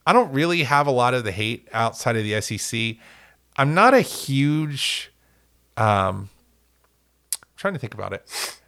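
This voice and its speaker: A man's voice: medium pitch, expressive, measured pace, pauses often, fairly bright tone. A man co-hosting a casual sports podcast, rambling and joking with lots of fillers and restarts. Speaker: podcast co-host.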